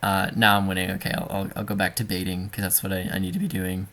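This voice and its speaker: Bright-voiced man coaching casually. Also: low voice, fast. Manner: relaxed, talky, many fillers and restarts. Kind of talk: casual coaching over gameplay.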